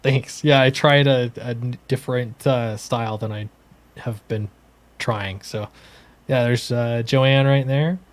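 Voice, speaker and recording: A man who makes comics, co-hosting a casual livestream, easygoing and halting, with many fillers. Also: mid-range voice, fairly even intonation. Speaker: comics creator and co-host.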